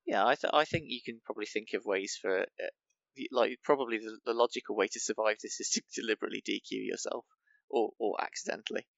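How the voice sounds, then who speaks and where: A man's voice: fairly low pitch, quick pace, gravelly, fairly bright tone, no room sound. A man playing a tabletop game, talking casually and rambling with many fillers and restarts. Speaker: player. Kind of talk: casual tabletop game chat, in-character interview. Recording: dull lo-fi dry sound.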